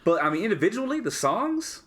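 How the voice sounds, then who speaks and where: Chill guy on a podcast, pitch moves around a lot, mostly short agreeing bits. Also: sing-song, a little fast, crowd noise. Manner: laid-back, short agreeing interjections. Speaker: podcast co-host. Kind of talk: casual chat reviewing music.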